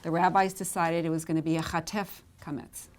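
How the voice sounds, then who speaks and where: A woman's voice: fairly low pitch, little pitch movement, fairly quick. A woman teaching Hebrew vowels at a board, patiently repeating each sound and checking in with "okay?". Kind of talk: whiteboard lesson.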